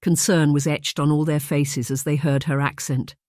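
Measured audiobook narrator, mid pitch, dry close recording. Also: little pitch movement, darkish tone, dry recording.

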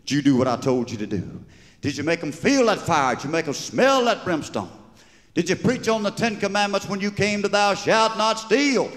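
A man's voice: high-pitched, expressive, moderate pace, fairly bright tone, in a large hall, pitched above the performer's own voice. A man with a Southern US accent voicing an earnest young Methodist preacher exhorting a colleague, recorded live on stage.

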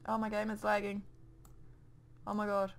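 A woman's voice: mid-range voice, completely flat delivery, normal speed. A young woman with a New Zealand accent rambling casually through gameplay commentary into a desk microphone at home, muttering to herself as she goes. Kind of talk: casual let's play commentary.

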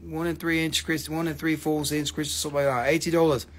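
Talking fast in a slightly high, level tone, a man runs a live mineral sale with casual, profane banter and rambling jokes.

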